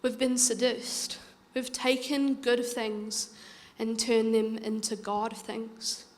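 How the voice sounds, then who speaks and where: A woman preaching in a church, earnest and pleading as she tells her stories. Her voice sits fairly high, and a long hall reverb trails every line. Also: flat delivery, slow pace, a little mellow. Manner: earnest, urging, conversational storytelling. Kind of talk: sermon.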